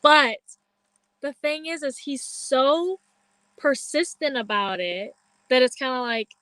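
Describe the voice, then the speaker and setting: A woman's voice: sits high, slow, fairly bright tone, clean tone, dry recording. Chatty young woman telling a story. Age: young adult. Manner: chatty storytelling, heavy use of "like", acts out quoted lines. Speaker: podcast co-host. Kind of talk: casual chat.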